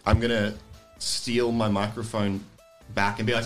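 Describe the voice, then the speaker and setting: A man's voice: fairly low pitch, flat delivery, measured pace, fairly bright tone, soft background music, low-quality recording. A man playing a tabletop game, eager and scheming as he proposes plans. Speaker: player. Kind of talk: tabletop role-play as a player.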